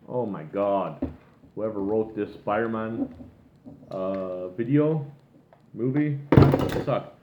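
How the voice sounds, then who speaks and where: A man's voice: lowish voice, a little hiss or hum. A man ranting casually and at length, rambling and swearing as he goes. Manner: rambling, profane, exasperated. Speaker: vlogger. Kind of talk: casual rant. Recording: echoey room, tinny phone-like sound.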